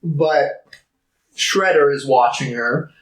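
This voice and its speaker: A man's voice: mid-range voice, takes it slowly, fairly bright tone. A man co-hosting a podcast, casually retelling movie scenes and mimicking the characters' lines. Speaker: podcast co-host. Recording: echoey room, off-mic.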